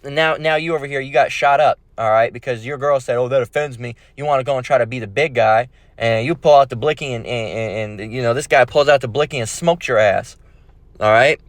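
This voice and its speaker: A man's voice: mid-range voice, fairly quick, no room sound. A man preaching in a casual rant, blunt and profane, full of fillers and restarts. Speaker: bible preacher.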